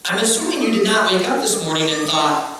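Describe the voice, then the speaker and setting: Animated preacher in a booming hall. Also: male voice, a little fast, noisy background. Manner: conversational, joking, acts out quotes. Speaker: pastor. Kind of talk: sermon. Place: church. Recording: echoey hall, distant mic.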